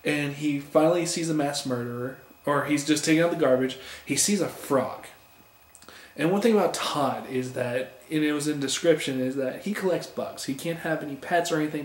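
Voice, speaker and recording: Eager man in an echoey room. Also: on the high side. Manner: enthusiastic, rambling, stumbles over names. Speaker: comic book reviewer on a video channel. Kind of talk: casual spoken review.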